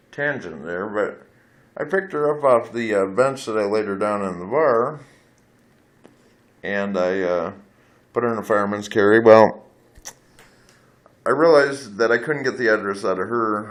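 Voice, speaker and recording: A male vlogger with a lowish voice tells a rambling personal story into his phone camera. He's candid and blunt, swears freely, and keeps wandering off on tangents.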